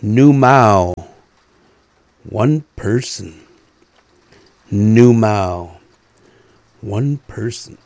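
Male radio host, slow and careful, repeats words for teaching, dark tone, dry close studio sound. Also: fairly low pitch, no echo. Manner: slow, repeating each word carefully, clearing throat often. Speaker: radio host teaching indigenous language phrases. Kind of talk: slow radio language lesson with repetition.

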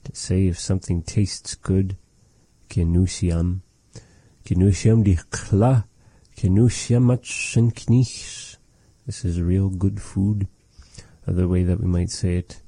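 Low, dark-voiced man teaching a language. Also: steady tone, breathy edge, no room sound. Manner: patient, repeats phrases slowly and jokes. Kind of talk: casual language lesson.

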